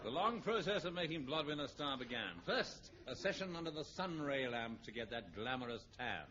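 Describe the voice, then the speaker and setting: A man narrates and hosts a vintage radio comedy with a dry, deadpan delivery. The recording is dull and muffled, with a clear hiss underneath. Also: medium pitch, moderate pace. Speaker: host and narrator.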